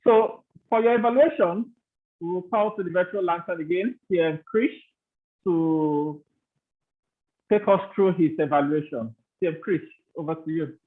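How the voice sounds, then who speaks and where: A man's voice: high voice, normal speed, phone-quality sound. A man hosting an online club meeting, handing over to speakers in a friendly way. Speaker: meeting host.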